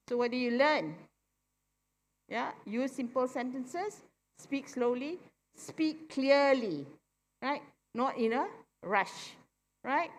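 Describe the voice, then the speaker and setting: Malaysian woman speaking in an echoing hall. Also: a little high. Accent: Malaysian English. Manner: keeps asking "right?" for agreement, explains slowly and plainly. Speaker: forum speaker. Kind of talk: public talk to an audience. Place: convention centre hall. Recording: long hall reverb from a convention centre.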